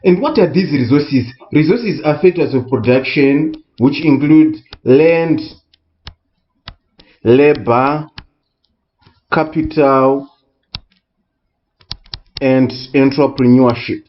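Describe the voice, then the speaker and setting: A man tutoring economics in a recorded lesson, speaking deliberately and repeating key words for emphasis. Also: medium pitch, highs cut off, slight background noise. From Southern Africa.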